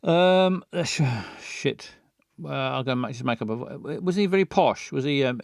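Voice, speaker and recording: A man's voice: medium pitch, expressive, moderate pace, creaky, no room sound, clean studio sound. A man giving rambling, sweary commentary as he plays a story game and makes up voices for it. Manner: scattered, muttering, sweary asides. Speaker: game player. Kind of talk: let's play commentary.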